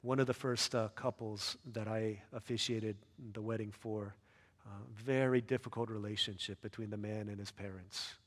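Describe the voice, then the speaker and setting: A man preaching a sermon as a pastor, earnest, rising to loud emphatic peaks and dropping soft and low. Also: steady tone, normal speed, big-room sound.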